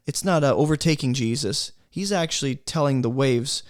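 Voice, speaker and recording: A man's voice: medium pitch, normal speed, no echo, clean studio sound. A man leading a casual Bible study workshop, talking conversationally and with emphasis, often checking in with his listeners. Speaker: Bible teacher.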